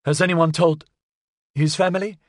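A man reading an audiobook, voicing a defiant woman scientist who turns sharp and shaken under questioning. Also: fairly high pitch, very animated, normal speed, slightly rough, no echo, clean studio sound, pitched above the performer's own voice, exaggerated voice.

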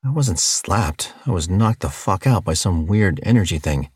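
A man's voice: low-pitched, expressive, moderate pace, a little mellow, breathy edge, no room sound, clean studio sound. A man playing a bewildered, sarcastic captive. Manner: sarcastic, cursing.

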